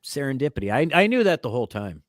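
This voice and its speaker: A man's voice: mid-range voice, fast, no echo, clean studio sound. A man in his forties co-hosting a podcast, telling nostalgic stories in a casual chat. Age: 40s. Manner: animated, nostalgic storytelling. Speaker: podcast co-host.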